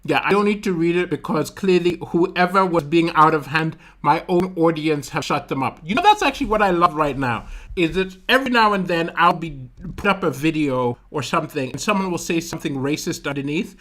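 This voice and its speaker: A man from Malawi doing stand-up comedy on a livestream, telling animated stories and using vocal sound effects while he talks to his chat. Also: a little high, fairly quick.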